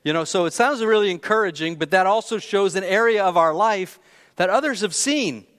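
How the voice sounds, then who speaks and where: A man's voice: high-pitched, animated, brisk, fairly bright tone. Male preacher, conversational storyteller, candid and self-deprecating, recorded in a church sanctuary with a long echo. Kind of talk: conversational sermon with personal story.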